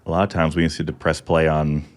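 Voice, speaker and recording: A very deep-voiced man speaks slowly and reflectively about his faith. He hesitates often and restarts his sentences as he shares a personal story. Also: little pitch movement. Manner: halting, reflective, with many ums and restarts. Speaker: guest. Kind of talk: personal testimony in casual chat.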